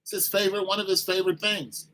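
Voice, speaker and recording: A man's voice: high-pitched, little pitch movement, fast, sharp tone, rough recording. A man giving an informal sermon-style talk, conversational, acting out little exchanges with kids in raised voices.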